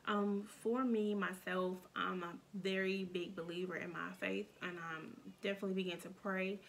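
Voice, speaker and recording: A young woman telling a painful personal story in a halting, emotional way, with many restarts and fillers. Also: mid-range voice, little pitch movement, vocal fry, slight background noise. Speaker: storytime vlogger.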